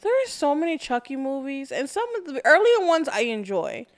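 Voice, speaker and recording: A woman's voice: sits high, sing-song, normal speed. A woman in her thirties co-hosting a casual podcast with her sibling, teasing, swearing freely and laughing. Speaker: podcast co-host. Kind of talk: casual chat.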